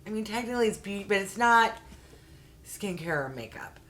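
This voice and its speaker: A woman's voice: mid-range voice, animated, brisk, fairly bright tone, slight background noise. A woman reviewing a beauty subscription box in a casual unboxing vlog, chatty and full of "like" and "um", with a heated, exasperated way of ranting. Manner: chatty, uses fillers like "like" and "um".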